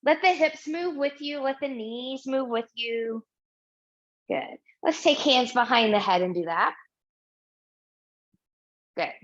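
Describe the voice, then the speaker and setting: Female Pilates teacher, slightly high pitch, encouraging instructions, dull lo-fi sound. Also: animated, slow pace, long pauses, fairly bright tone. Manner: encouraging, cueing movements with frequent "good". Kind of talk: guided exercise class instruction.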